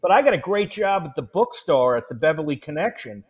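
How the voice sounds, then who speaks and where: A man's voice: fairly high pitch, very animated, brisk, breathy edge. A man in casual podcast chat, wry and joking in his asides.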